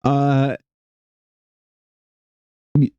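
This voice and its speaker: A man's voice: medium pitch, monotone, very slow, warm tone, smooth, no echo, muffled recording. A young man streaming while he draws, chatting with viewers in a rambling, self-mocking, jokey way. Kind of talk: casual livestream chat while drawing.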